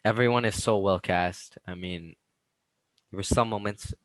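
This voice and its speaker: A man's voice: on the low side, fairly even intonation, normal speed, no echo, rough recording. A man co-hosting a casual movie review podcast, agreeable and upbeat, often chiming in to back his partner up. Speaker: podcast co-host.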